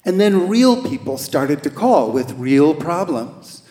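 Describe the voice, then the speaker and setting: A man telling a true first-person story live on stage, gentle and wry, with hesitant restarts. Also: on the high side, big pitch swings, slow pace. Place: stage in a large hall. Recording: echoey hall with long reverb.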